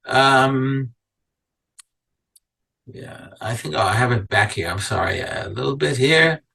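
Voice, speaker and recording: A man's voice: mid-range voice, animated, slow, creaky, sharp tone, breathy edge, far from the mic, low-quality recording. A man teaching a Torah class as a rabbi, reading verses aloud and then asking his listeners pointed questions. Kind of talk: Torah lecture to a live class.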